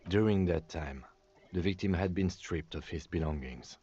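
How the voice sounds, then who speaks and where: Calm deep lieutenant voiced by a man. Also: normal speed, close to an everyday voice. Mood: composed. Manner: level, formal, matter-of-fact briefing. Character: calm, measured male police lieutenant. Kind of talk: video game voice acting. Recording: dull lo-fi game audio, faint noise.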